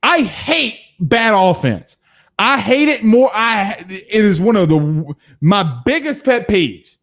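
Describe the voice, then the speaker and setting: A higher-pitched man with a drawl, hosting a loose post-game sports talk stream. He talks bluntly and heatedly, swears freely and breaks into laughs between rants. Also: sing-song, takes it slowly, creaky, fairly bright tone. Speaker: sports show host reading viewer comments.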